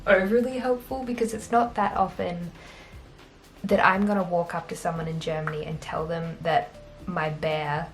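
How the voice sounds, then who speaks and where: A woman's voice: on the low side, fairly even intonation, moderate pace, soft background music. A young Australian woman vlogging in a casual, chatty, self-deprecating way, laughing often. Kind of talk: casual chat to camera.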